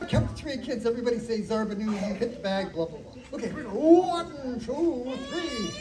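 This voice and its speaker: Over music, a children's magician with a medium-pitched, lively voice speaks a little fast as he coaxes his young audience with countdowns and a magic word. The live show takes place indoors in a library activity room, where a noisy crowd of kids comes through loudly on a distant, echoey recording.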